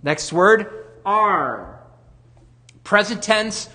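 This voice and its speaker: A man preaching a sermon as pastor, stressing single words and slowing down for emphasis. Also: sits high, lively intonation, fairly bright tone. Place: church.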